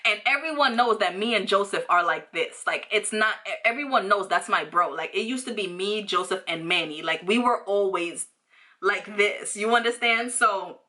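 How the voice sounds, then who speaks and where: A young woman from New York tells a story in a bright, crisp voice. She rambles casually, packing in fillers and slang, and circles back to correct herself. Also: medium pitch, animated, normal speed. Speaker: vlogger.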